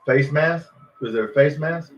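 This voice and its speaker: A man's voice: a little high, a little slow. A man hosting a live football watch party, reacting to every play with frustration and swearing at players and referees. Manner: frustrated, swearing, yelling at the game. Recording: dull lo-fi stream audio.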